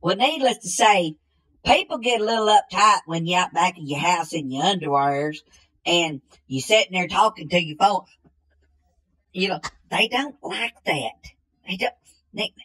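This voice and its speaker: A woman playing a slow-witted, bumbling country man in a comedy sketch, drawling and repeating the same catchphrase. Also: lowish voice, expressive, fairly bright tone, slightly rough, exaggerated voice, rough recording.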